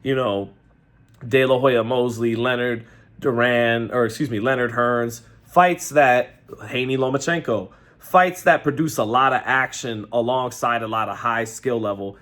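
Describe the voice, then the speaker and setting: A New man reacts to a boxing match in a loose, conversational way. He rambles, corrects himself mid-sentence and leans on fillers. His voice sits at a medium pitch. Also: fairly even intonation, unhurried, a bit bright. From New York. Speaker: boxing commentator. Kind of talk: casual fight-reaction commentary.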